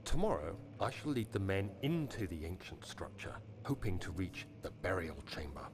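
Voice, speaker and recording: An actor playing a troubled young male explorer narrating his journal in a quiet, soft-spoken voice, in a game. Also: deep voice, sing-song, moderate pace, background noise. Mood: solemn.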